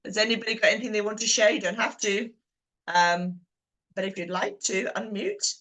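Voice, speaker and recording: A woman's voice: mid-range voice, expressive, fairly quick, fairly bright tone, rough recording. A woman leading a group video call, chatting, laughing and asking the group questions. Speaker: book group leader.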